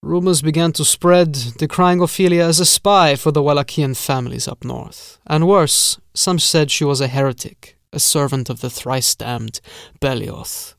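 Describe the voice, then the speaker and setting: A man voicing a sinister, formal castle steward who speaks softly and drags out his vowels. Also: fairly high pitch, fairly even intonation, vocal fry, clean tone, no room sound, clean studio sound. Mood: sinister calm. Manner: soft, measured, drawn-out vowels.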